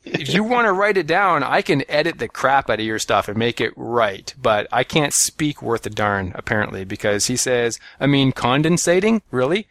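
A man from Canada chats casually as a podcast co-host, joking at his own expense and trailing off into restarts. His voice sits at an ordinary pitch, and the room around him is dry, with no echo. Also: lively intonation, moderate pace, few pauses, pushed and bright. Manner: self-mocking, joking, with many fillers and restarts. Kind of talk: casual chat, reading listener emails.

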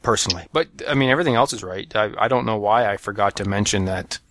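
A man's voice: lowish voice, fast, fairly bright tone, slight background noise. A man from Canada co-hosting a casual podcast, reading listener emails with self-mocking jokes, many fillers and restarts. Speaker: podcast co-host.

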